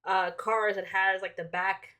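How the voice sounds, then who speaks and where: A woman's voice: mid-range voice, level tone, measured pace, sharp tone. A woman co-hosting a podcast in casual chat, curious and full of questions. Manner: curious, asks lots of questions. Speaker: podcast co-host.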